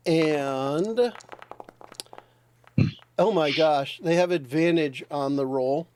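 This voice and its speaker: A man running a tabletop game as game master, relaxed and laughing, thinking aloud as he checks the rules. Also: on the high side, extremely slow, dry recording.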